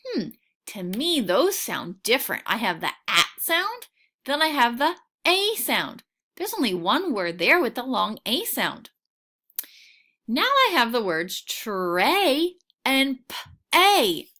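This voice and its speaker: A woman teaching a recorded phonics lesson for children, patient and encouraging, sounding out each word clearly. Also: a little high, sing-song, pushed and bright. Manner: slow, clearly sounding out words.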